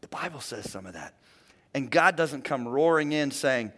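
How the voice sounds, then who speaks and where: A man's voice: mid-range voice, expressive, moderate pace, a bit bright. A middle-aged male pastor giving a conversational sermon, telling stories and acting out the voices of people he quotes.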